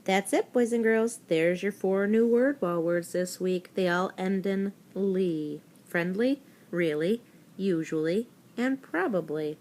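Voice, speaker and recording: A woman teacher walks young children through a recorded spelling lesson. She speaks slowly and deliberately, in a voice of middling pitch, and spells each word out one letter at a time. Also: a little mellow. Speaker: elementary school teacher.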